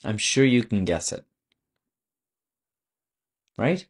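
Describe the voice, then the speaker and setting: A man's voice: lowish voice, sing-song, slow. A man teaching a video lesson on French vocabulary, explaining patiently and asking the viewer questions.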